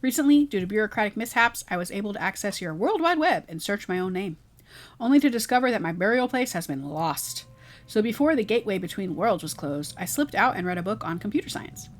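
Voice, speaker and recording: A woman's voice: mid-range voice, animated, fairly quick, natural voice. A woman voicing a vain, queenly female cyber ghost, talking in a grand, self-important way while reading game dialogue aloud. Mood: grandiose.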